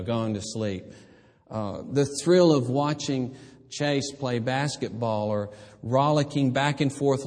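An older man preaching a sermon, moving from hushed, tender reflection to emphatic, impassioned exhortation. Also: mid-range voice, big-room sound. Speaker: pastor.

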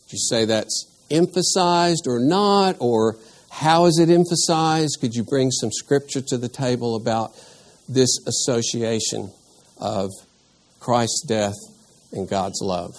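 A man teaching a Sunday school class in church, reading scripture aloud and then explaining it and asking the group questions, with frequent pauses and restarts. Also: mid-range voice.

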